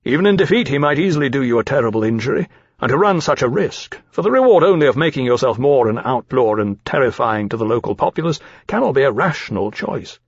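A man voicing a grave male captain who speaks in a measured, dry, formal manner. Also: mid-range voice, expressive, breathy edge, no echo. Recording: slightly dull, dry recording.

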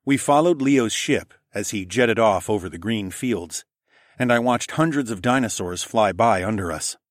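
A man with a fairly low voice reads a first-person adventure story aloud. His delivery is steady and matter-of-fact, and the recording is close and dry. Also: normal speed, dry recording. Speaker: narrator.

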